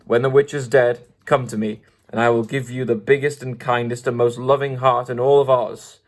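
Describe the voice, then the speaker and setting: A man voicing a menacing wizard in the shape of a beast, speaking low and growling. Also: little pitch movement, moderate pace, lightly acted. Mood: commanding.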